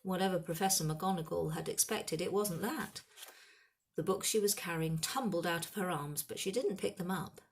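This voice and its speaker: A woman narrates a storybook calmly and evenly. Her voice sits fairly low for a woman, steady through the telling. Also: moderate pace, slight background noise. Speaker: audiobook reader.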